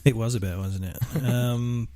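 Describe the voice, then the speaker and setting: A man's voice: mid-range voice, fairly even intonation, a little slow, dark tone, dry recording, clean studio sound. A man co-hosting a casual true-crime podcast, telling the story with many fillers and asides. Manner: rambling, filler-heavy storytelling, laughs at own jokes. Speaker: podcast co-host.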